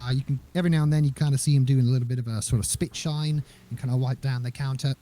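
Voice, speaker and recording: A man's voice: mid-range voice, steady tone, rapid-fire, dark tone. A man narrating as game master of a tabletop game, chatty and playful with many fillers.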